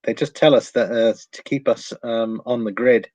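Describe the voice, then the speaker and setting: A man's voice: medium pitch, steady tone, moderate pace, darkish tone, poor audio. A man from England hosting a precious metals livestream, chatting casually with many ums and reading out viewer comments. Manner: rambling, many ums, chuckles often.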